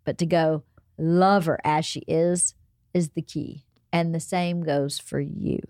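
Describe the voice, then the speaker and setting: A middle-aged woman hosting a casual family chat, giving calm, gently lecturing advice. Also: low voice, slow pace, dry recording, studio quality. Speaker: podcast host and mother.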